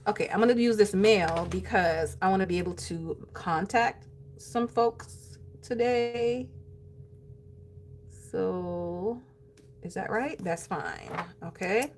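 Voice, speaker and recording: A woman's voice: mid-range voice, slow, slight background noise. A woman chatting casually with her viewers while planning her day, calling them "y'all" and laughing easily. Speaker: planner vlogger. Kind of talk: casual live-stream chat.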